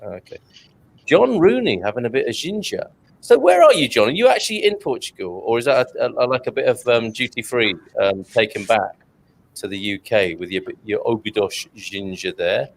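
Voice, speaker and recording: Male host, casual banter on a video call, animated delivery, quick with a joke. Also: medium pitch, gravelly. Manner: jokey, reads out chat comments, laughs often. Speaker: host of an online chat show.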